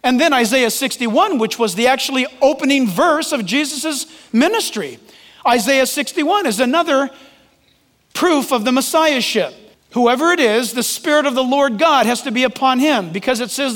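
A man's voice: extremely high pitch, lively intonation, unhurried, fairly bright tone, in a large hall. A man preaching a sermon as pastor, emphatic and joking, calling on listeners by name.

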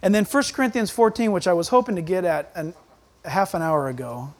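A man preaching a sermon as pastor, emphatic and animated, acting out quoted voices. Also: high-pitched, brisk.

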